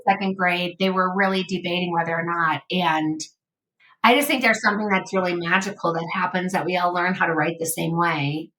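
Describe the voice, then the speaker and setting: A woman's voice: on the low side, steady tone, a little fast, fairly bright tone, poor audio. A middle-aged woman hosting a podcast, chatting in a rambling way with lots of "like" fillers. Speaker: podcast host. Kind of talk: casual interview chat.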